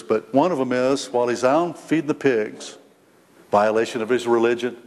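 Emotional middle-aged male pastor preaching in a hall. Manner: emotional, stammering repetitions, rising pitch when voicing the prodigal son. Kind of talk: sermon. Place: church stage. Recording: long hall reverb, faint noise.

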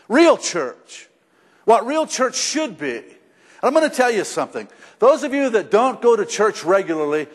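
A middle-aged male pastor preaching a sermon in a church, conversational and emphatic, rising to shouts at times. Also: high voice. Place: church sanctuary. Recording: long hall reverb.

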